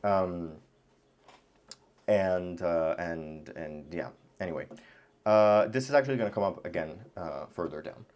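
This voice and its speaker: A man teaching an Arabic lesson at his computer talks casually and thinks aloud, with lots of fillers and restarts. His voice is low-pitched and darkish, and he speaks a little slowly.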